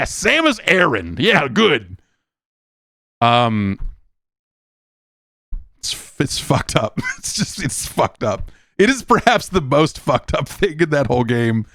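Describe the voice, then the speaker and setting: A man's voice: medium pitch, a bit bright, no room sound, clean studio sound. A middle-aged man hosting a solo podcast, rambling and exasperated, swearing often and restarting sentences. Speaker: podcast host. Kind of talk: casual solo podcast rant.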